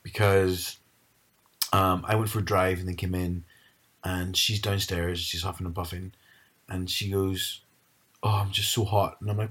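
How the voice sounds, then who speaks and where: A man's voice: low voice, normal speed, breathy edge. A man, chatting casually and animatedly retelling a story. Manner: animated storyteller, mimics his mum.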